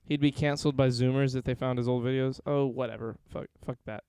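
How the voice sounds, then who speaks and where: Smooth-voiced joking podcast host man. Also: medium pitch, steady tone, dark tone, no room sound. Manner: profane, quick joking banter. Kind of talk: casual chat.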